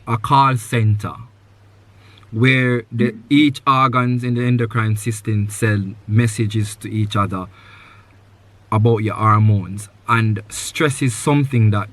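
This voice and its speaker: An earnest male podcast host with a bright, forceful voice. He talks in loose, looping sentences full of "you know" and hammers his points home by repeating them. The recording is dry and close, with no room sound. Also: mid-range voice, dry recording. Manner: earnest, advice-giving, repeats key points. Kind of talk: live podcast conversation with a guest.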